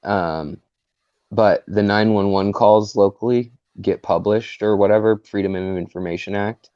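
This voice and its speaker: A man in casual chat, laid-back, answering with short reactions and quiet laughs. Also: on the low side, steady tone, measured pace, no room sound. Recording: dull lo-fi sound, dry.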